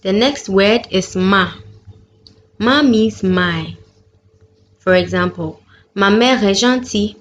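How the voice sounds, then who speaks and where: Woman language teacher, slow deliberate delivery, muffled lo-fi recording with light hiss. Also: medium pitch. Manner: clear, careful pronunciation of each example. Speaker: French teacher. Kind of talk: slow, deliberate lesson narration. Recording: dull lo-fi sound with faint background noise.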